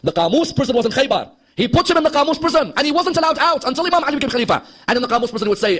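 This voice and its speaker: A man's voice: very high voice, sing-song, racing, hardly any pauses, a bit bright. A man giving an impassioned religious history lecture, asking the audience rhetorical questions and acting out quoted dialogue. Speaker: Shia preacher.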